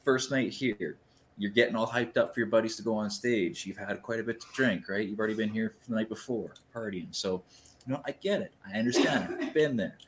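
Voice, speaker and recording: A man's voice: lowish voice, a little fast, background noise. A man casually telling a long story, rambling and swearing freely as he acts out the scene. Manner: rambling, profane, lively retelling.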